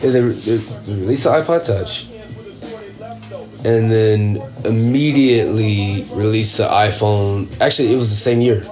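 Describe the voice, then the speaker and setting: Guest, man, fairly low voice, halting casual chat, clear music behind. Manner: halting, searching for words. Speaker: podcast guest.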